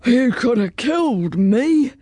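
A woman's voice: a little high, very animated, takes it slowly, mellow, no room sound, studio quality, voice pushed up, exaggerated voice. A woman reading a storybook aloud, voicing a big timid male dragon who sighs, hesitates and sobs. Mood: sad. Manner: sighing, hesitant, sobbing.

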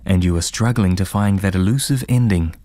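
Cryptic commanding fortune-teller woman, read by a male narrator, storybook, deep calm voice, dry sound. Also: a little fast, dry recording, lightly acted.

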